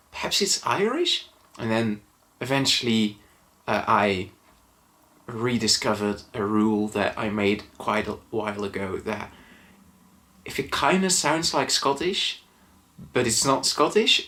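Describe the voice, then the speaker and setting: A man's voice: medium pitch, sharp tone. A man whose first language is not English, giving a casual movie review monologue, hesitant with frequent ums and restarts and a dry, mildly wry delivery.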